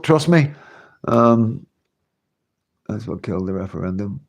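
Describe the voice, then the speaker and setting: A man's voice: on the low side, expressive, normal speed, pauses often. Rambling Scottish man chatting on a livestream. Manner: rambling, chatty, laughs often, many fillers. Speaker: livestream host. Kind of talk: casual livestream chat reading comments.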